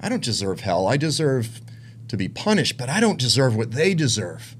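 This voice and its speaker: A man preaching, telling a personal story with emotion, dropping to hushed tones and rising to intense ones. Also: medium pitch, very animated, moderate pace, slight background noise. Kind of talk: sermon testimony.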